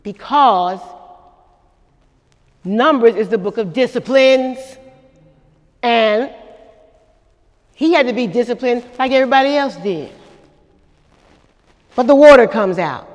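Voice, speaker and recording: A woman's voice: a little high, lively intonation, takes it slowly, pauses often, in a large hall. A woman pastor preaching a sermon at a church service, with dramatic call-and-response to the congregation.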